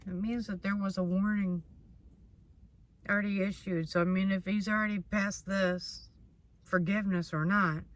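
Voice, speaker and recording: A woman's voice: mid-range voice, steady tone, moderate pace. A woman doing a casual tarot reading in a blunt manner. She swears freely and repeats herself. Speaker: tarot reader.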